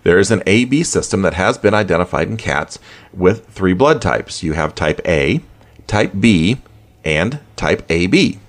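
A man hosting a pet radio show, chatting in a casual, animated way with chuckling asides. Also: low-pitched, a little slow. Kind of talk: casual podcast talk.

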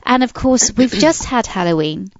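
A woman's voice: on the high side, dry recording. A woman with a British accent, chatting enthusiastically as a podcast host. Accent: British English. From England. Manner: chatty and enthusiastic, quick bursts of excitement. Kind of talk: casual podcast chat. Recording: slightly dull, dry recording.

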